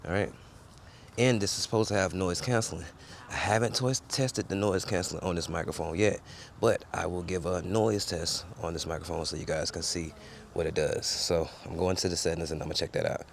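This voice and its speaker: A man with a deep, gravelly voice rambles casually through a microphone sound check, speaking straight to his viewers. He is outdoors on a clip-on wireless mic, with a faint wash of ambient sound behind him. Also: steady tone, a little fast, a little hiss or hum. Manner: loose, rambling, addresses viewers directly. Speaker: gear reviewer. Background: faint ambience with people around.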